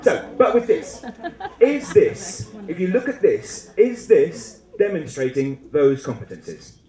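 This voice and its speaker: A man giving a lively, humorous conference talk to teachers, acting out little classroom scenes as he goes. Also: a little high, a little slow. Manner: animated, humorous, acts out student and teacher voices. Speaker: conference speaker. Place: lecture hall. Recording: echoey lecture hall.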